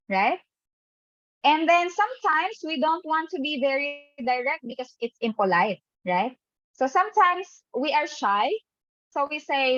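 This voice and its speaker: Woman teacher, online lesson, fairly high voice, dry muffled call audio. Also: lively intonation, moderate pace, fairly bright tone, no echo. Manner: asks the class frequent "right?" checks. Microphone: webcam mic on a video call.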